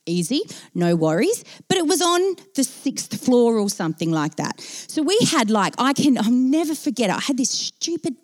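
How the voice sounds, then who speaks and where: A woman telling a personal story to an audience, self-mocking and animated, acting out her own panic in quoted speech. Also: on the high side, normal speed. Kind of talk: anecdote told to an audience.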